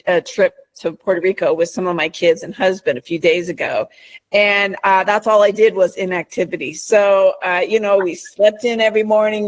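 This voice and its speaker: A middle-aged American woman co-hosting a political talk podcast, chatty and relaxed with many fillers. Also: mid-range voice. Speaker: podcast co-host. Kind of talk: casual political chat.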